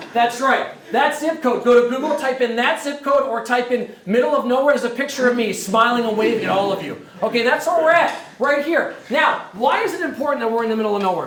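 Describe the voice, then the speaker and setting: Animated man pitching his camp. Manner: animated, joking, asks the audience questions. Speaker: camp director recruiting staff. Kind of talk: energetic live presentation to a room. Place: lecture room. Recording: roomy hall echo.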